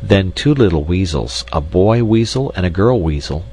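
A man narrating a children's story in a steady, measured way. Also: low-pitched, slight background noise, poor audio. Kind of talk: storybook reading.

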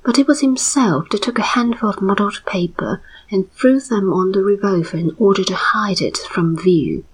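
A woman narrates a story in a slow, measured whisper. Her voice is airy and breathy, with a middling pitch, in a whispered story reading. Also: low-quality recording.

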